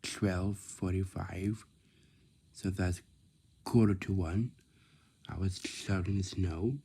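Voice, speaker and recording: A man telling a rambling casual story, repeating himself and dropping into soft whispers. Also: low-pitched, steady tone, slow pace, creaky, slightly rough. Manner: repetitive, restarts phrases, drops into soft whispers.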